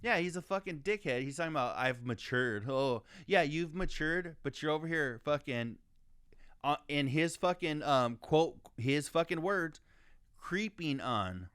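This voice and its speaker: A man's voice: a little high, moderate pace, a bit bright, smooth, no room sound, clean studio sound. A man co-hosting a podcast, ranting heatedly with heavy swearing and stumbling restarts. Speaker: podcast co-host. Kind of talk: casual profane podcast chat.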